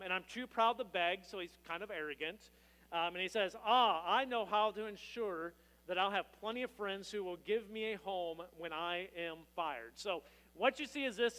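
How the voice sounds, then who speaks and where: High, bright-voiced male pastor preaching. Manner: conversational, storytelling with quick voiced asides. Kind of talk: sermon. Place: church sanctuary. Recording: church hall with long reverb.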